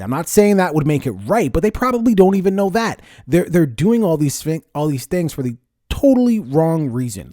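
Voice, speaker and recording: Guy ranting on his podcast, kinda high voice that jumps all over, super dry close sound. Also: no echo. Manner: lively, conversational, ranting with emphasis. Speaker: podcast host. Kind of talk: casual solo podcast talk.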